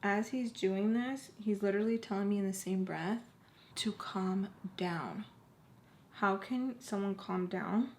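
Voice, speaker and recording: Her voice mid-range, gravelly and darkish, a young woman in her twenties recounts a personal story casually to camera, leaning on "like" and sinking to near whispers at tense points. A slight hiss or hum runs underneath.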